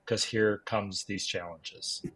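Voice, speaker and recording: A man's voice: on the low side, steady tone, slow, a bit bright, poor audio. A man with a Midwestern accent explaining industry trends on a panel, with frequent restarts. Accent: Midwestern American. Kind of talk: panel discussion.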